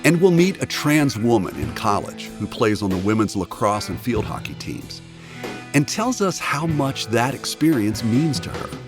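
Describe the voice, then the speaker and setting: A man hosting a radio documentary podcast, delivering measured scripted narration. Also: mid-range voice, very animated, over music. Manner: measured narration, reacting warmly in conversation. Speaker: podcast host.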